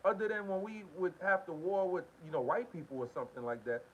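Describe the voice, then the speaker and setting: A man's voice: high-pitched, animated, fast, fairly bright tone. A man hosting a live stream, talking casually and repetitively in while reading viewer comments. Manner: venting, repetitive, slangy. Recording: dull lo-fi stream with faint hiss.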